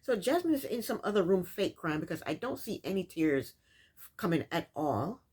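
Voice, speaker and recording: A woman's voice: lowish voice, sing-song, moderate pace, a little mellow, breathy edge. A woman hosting a casual recap of a reality show, telling the events in her own words and scolding the people in it. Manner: sassy, scolds the people on screen.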